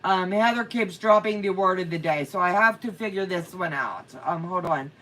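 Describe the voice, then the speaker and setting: A middle-aged woman, co-host of a quilting livestream, chats casually, tells a funny story with frequent laughter, and reads viewer comments aloud. Her voice is fairly low, pushed and bright, at a normal speed, and she's recorded from a distance.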